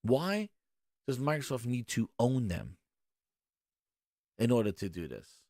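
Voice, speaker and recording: A man's voice: mid-range voice, very animated, measured pace, a little mellow, no echo, clean studio sound. A man hosting a gaming show, ranting with sarcasm and exasperation in casual commentary.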